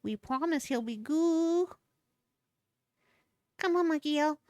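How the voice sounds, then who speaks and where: A woman's voice: high-pitched, slow pace, darkish tone, no echo, clean studio sound. A woman voicing a bubbly little monster that mangles words playfully, reading game dialogue. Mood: curious.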